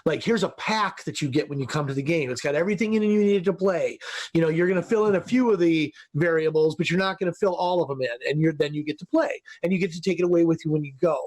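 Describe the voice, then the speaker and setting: A man hosting a casual gaming podcast, quick to agree and thinking aloud. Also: fairly high pitch, a little mellow.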